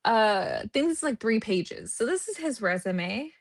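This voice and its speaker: Woman doing a true crime livestream, kinda high voice, sarcastic and jokey. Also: big pitch swings, normal speed. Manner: sarcastic, joking, chatty. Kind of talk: casual livestream commentary.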